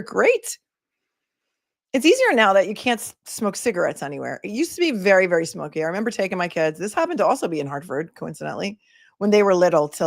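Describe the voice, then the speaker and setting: A woman's voice: on the low side, dry recording, studio quality. A middle-aged woman attorney hosting a casual livestream, chatting and reading viewer comments aloud.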